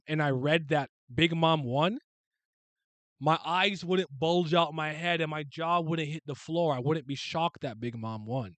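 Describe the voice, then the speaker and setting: A young man from Canada chatting casually on a live stream, answering comments in an animated way and swearing freely. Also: a little high, moderate pace, no echo. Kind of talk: casual live reaction chat.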